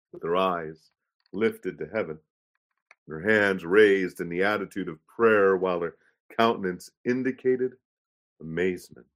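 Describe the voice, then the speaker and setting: A man reading aloud a pastor's first-person story in a measured, solemn way. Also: deep voice. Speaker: reader of a pastor's memoir.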